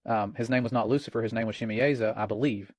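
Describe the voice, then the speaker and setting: A man's voice: lowish voice, steady tone, fast, dry recording. Earnest middle-aged man, dry sound. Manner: earnest and alarmed, reads chat quotes aloud. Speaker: co-host of a Christian watchman podcast. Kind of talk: casual religious commentary.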